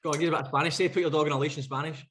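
A man's voice: a little high, fairly even intonation, rapid-fire, a bit bright, slight background noise. A man co-hosting a podcast, chatting casually and teasing his friend with banter. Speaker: podcast co-host. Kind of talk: casual chat.

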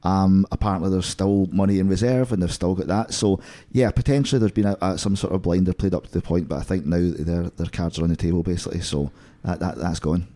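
A man's voice: sits low, fast talker, hardly any pauses, mellow. A man co-hosting a football podcast, chatty and jokey with rambling asides. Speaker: podcast co-host. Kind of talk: casual podcast chat.

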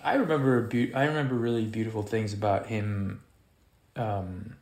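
A man, an actor, talking casually in conversation, halting and searching for words with many restarts. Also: on the low side, steady tone, darkish tone. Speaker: actor guest.

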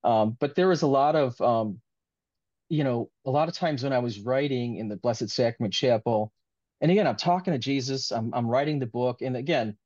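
A man's voice: medium pitch, moderate pace, a little mellow, dry recording. Earnest rambling man, dull dry sound. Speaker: author being interviewed. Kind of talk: casual interview talk.

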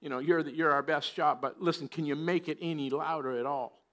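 A preacher telling a story and playing a polite pastor, amazed and a little hesitant. The voice is fairly high for a man, delivered as a quoted character in a joke from the pulpit. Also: fairly even intonation, brisk, fairly bright tone, lightly acted. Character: polite, amazed small-town church pastor.

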